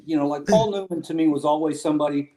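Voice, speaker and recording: A man's voice: fairly high pitch, quick pace, a loud crowd. A man co-hosting a casual sports podcast, making his points in an earnest, slightly rambling way. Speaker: podcast co-host.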